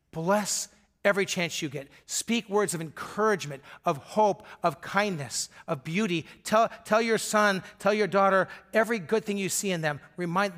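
A man's voice: high-pitched, a bit bright. A middle-aged male pastor preaching a sermon in an earnest, emphatic way.

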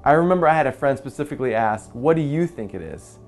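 A man in his forties, a pastor, telling an earnest personal story in a quiet, soft-spoken way. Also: mid-range voice, lively intonation, fast talker. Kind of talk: personal testimony in a church video. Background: soft guitar music.

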